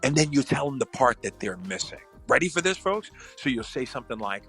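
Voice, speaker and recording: A man's voice: mid-range voice, very animated, brisk, hardly any pauses, fairly bright tone, faint music behind. A man, a psychologist hosting a podcast, giving casual relationship advice and acting out what partners might say to each other.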